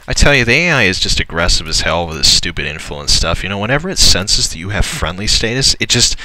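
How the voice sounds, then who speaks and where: A man's voice: sits low, big pitch swings, fairly quick, pushed and bright, poor audio. A young man commenting on a strategy game as he plays, grumbling and swearing at the computer opponents. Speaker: let's player. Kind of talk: gameplay commentary.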